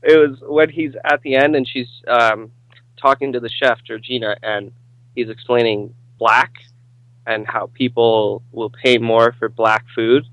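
A man's voice: mid-range voice, fairly even intonation, measured pace, a bit bright, no room sound, highs cut off. A young man co-hosting a casual movie podcast, rambling, swearing casually and laughing often. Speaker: podcast co-host.

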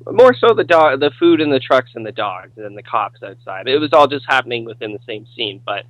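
A man's voice: mid-range voice, lively intonation, brisk, fairly bright tone, rough recording. A young man co-hosting a casual movie podcast, rambling, swearing casually and laughing often. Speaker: podcast co-host.

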